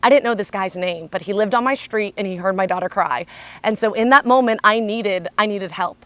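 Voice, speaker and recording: An American woman from the United States, a speaker telling a personal story in an animated, chatty way, often saying "like". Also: medium pitch, fairly quick, no echo.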